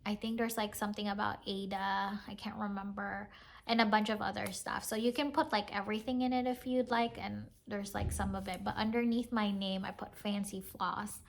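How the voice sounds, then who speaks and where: A woman's voice: medium pitch, steady tone, moderate pace, creaky, slight background noise. A woman chatting casually as a craft vlogger, showing off her purchases and giggling as she talks, with lots of "like"s. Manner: chatty, giggly, says "like" often. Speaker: cross-stitch vlogger. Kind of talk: casual show-and-tell chat.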